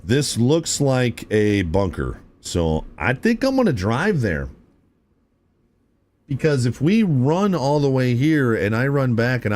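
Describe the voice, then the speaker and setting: A man's voice: fairly low pitch, darkish tone, a little hiss or hum. A young man streaming a game live, chatting casually and laid-back with his viewers, often calling them "chat" and saying "dude".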